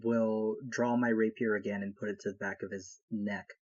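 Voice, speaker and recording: A man's voice: on the low side, little pitch movement, moderate pace, lo-fi sound. A man playing a tabletop game, casual and eager. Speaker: player. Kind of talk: casual play.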